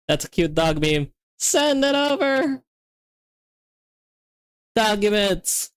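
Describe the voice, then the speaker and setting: A young woman streaming herself coding, talking excitedly and repeating herself as things work or fail. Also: medium pitch, slow pace, pauses often, smooth, no echo. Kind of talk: livestreamed coding session chat.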